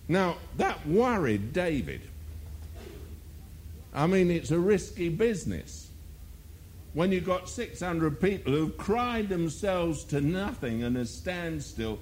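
A man's voice: high-pitched, very animated, slow, a little mellow, a little hiss or hum. A male preacher delivering a sermon, firing rhetorical questions and mocking asides.

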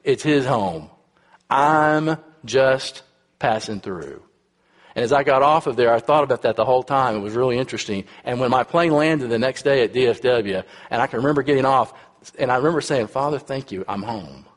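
At normal speed and an even pitch, a middle-aged Texan man in his fifties preaches casually, telling a story and checking in with "right?" and "uh." Each phrase rings out with long reverb, like in a large hall.

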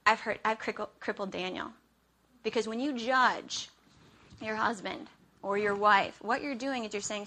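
A woman's voice: medium pitch, normal speed, pushed and bright. A woman preaching a sermon in a conversational way, often checking in with "okay?" and acting out her own frustration.

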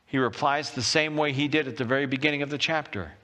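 A male pastor delivers a sermon with a bright, forceful tone. He retells the story vividly, slipping into the characters' voices as he goes. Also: a little high, normal speed. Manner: animated storytelling, acting out voices.

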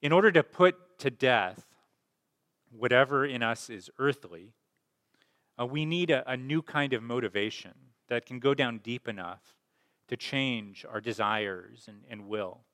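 A male pastor giving a sermon in an easy, conversational way, pausing on fillers and repeating words. His voice sits at a middle pitch. A long reverb trails each phrase, as in a large church. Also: a bit bright.

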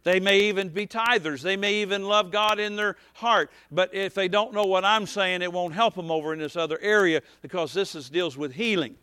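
A man preaching a folksy, rambling sermon as pastor, dropping to soft asides and rising to shouts. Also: sits high, fairly quick, hardly any pauses, clear, resonant tone, no echo.

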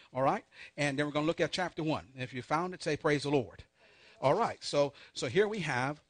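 Preacher guy, kinda high voice, hammering points home slow, calls for the crowd to repeat, dry sound. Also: slightly rough, no room sound. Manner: emphatic call-and-response, repeats key points slowly. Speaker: pastor leading a Bible study. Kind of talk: sermon.

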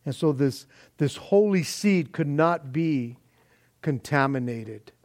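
Folksy guy preaching a sermon, slightly high voice, keeps saying man, talks like chatting. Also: expressive, takes it slowly, darkish tone. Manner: folksy, conversational, says "man" often; explains word meanings in long lists. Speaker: pastor.

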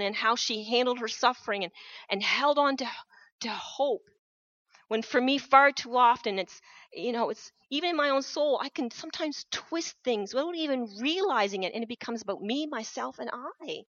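Earnest woman telling a quiet story. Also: fairly high pitch, no echo, lo-fi sound. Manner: earnest, reflective storytelling with soft pauses. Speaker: missionary speaker. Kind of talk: personal testimony talk.

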